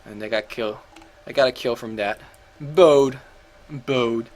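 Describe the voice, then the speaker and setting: A man's voice: fairly low pitch, flat delivery, brisk. A man casually commentating and coaching over a video game match, chatty and thinking aloud, often correcting himself.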